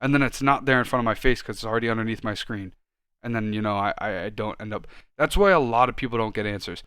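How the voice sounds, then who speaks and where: A man co-hosting a podcast in casual chat, ranting and swearing freely and getting loud when worked up. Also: fairly low pitch, fast, clean tone, dry recording, studio quality. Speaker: podcast co-host.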